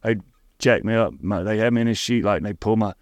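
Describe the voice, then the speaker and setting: Earnest Tennessee man with a low voice. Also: no room sound. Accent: Southern US, Tennessee. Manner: earnest, halting, with frequent restarts and repeated words. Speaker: guest. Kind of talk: personal storytelling in an interview.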